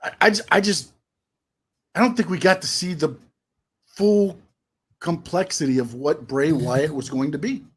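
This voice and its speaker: A middle-aged man co-hosting a live show, casually reminiscing and running through names in a quick list. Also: a little high, husky. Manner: reminiscing, lists names rapidly. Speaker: co-host, wrestling promoter.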